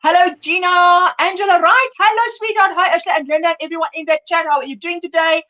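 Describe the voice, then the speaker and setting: A woman's voice: extremely high pitch, steady tone, quick pace, pushed and bright, muffled recording. A middle-aged woman hosting a casual livestream, chatting and reading viewer comments aloud with lots of rambling restarts. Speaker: livestream host. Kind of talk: casual chat.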